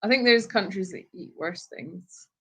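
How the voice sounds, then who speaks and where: A woman's voice: medium pitch, a little slow, a bit bright, husky, poor audio. A British woman co-hosting a casual live Q&A from an animal sanctuary, telling things plainly and matter-of-factly. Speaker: sanctuary co-host.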